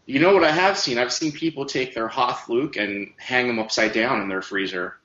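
A man's voice: medium pitch, normal speed, fairly bright tone. A man chatting easily on a podcast and laughing along. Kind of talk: casual chat about retro cartoons and toys. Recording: dull lo-fi roomy sound.

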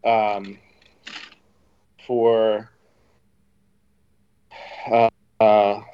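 A man's voice: fairly low pitch, monotone, very slow, smooth, dull audio. A man co-hosting a casual podcast chat, explaining at length with some restarts. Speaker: podcast co-host.

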